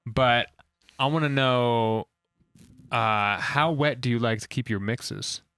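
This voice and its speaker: Slow-talking bright-voiced guy joking around. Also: mid-range voice, smooth, no echo, clean studio sound. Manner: joking, laughs often, puts on silly moaning voices. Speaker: podcast co-host. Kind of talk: casual chat.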